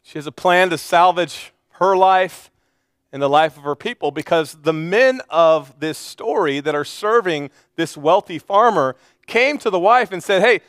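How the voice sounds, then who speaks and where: A male pastor preaching a sermon, retelling a Bible story with animated storytelling and acting out the characters' lines. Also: high voice, clear, resonant tone, no echo, clean studio sound.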